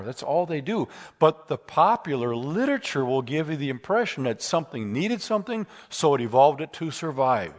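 A man giving a lecture with slides at a seminar, animated and telling humorous stories. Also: mid-range voice. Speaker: speaker at a seminar.

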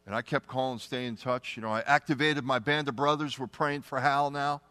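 A middle-aged man telling a personal testimony story, earnest and often dropping to a hushed tone. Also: medium pitch, steady tone, brisk, clear, resonant tone, no echo. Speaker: testimony speaker.

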